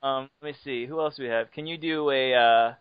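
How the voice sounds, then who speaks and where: A man's voice: medium pitch, fairly quick, clean tone, no echo. A man hosting a podcast who asks questions and teases his guest in playful banter. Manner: playful and teasing. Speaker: podcast host. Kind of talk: casual podcast chat. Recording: dry, muffled lo-fi podcast audio.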